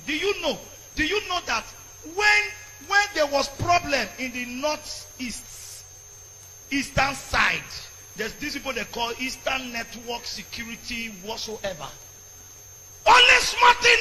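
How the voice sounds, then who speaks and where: A Nigerian priest preaching a fiery sermon, shouting in bursts and slipping into Pidgin. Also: male voice, very high voice, expressive, measured pace, a little hiss or hum. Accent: Nigerian, mixing in Pidgin. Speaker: Catholic priest. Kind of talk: impassioned sermon.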